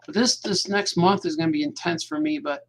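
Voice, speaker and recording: A man's voice: on the high side, sing-song, brisk, gravelly, fairly bright tone, a little hiss or hum. A man, a cartoonist, chatting casually to his viewers at home at night while he draws, rambling and repeating himself as his thoughts drift. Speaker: cartoonist hosting his own show.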